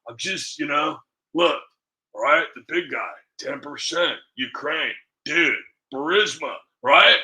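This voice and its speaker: A man's voice: a little high, expressive, slow pace, bright, forceful tone, full character voice. A man doing an impression of a rambling, spaced-out grown son of a politician, mumbling in slang.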